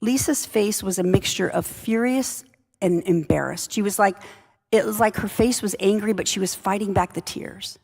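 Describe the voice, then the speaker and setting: A woman's voice: mid-range voice, normal speed, creaky, a little mellow, husky. A woman leadership speaker telling a workplace story in a wry, conversational way. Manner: conversational, wry anecdotal delivery. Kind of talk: storytelling talk. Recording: long reverb of a large hall.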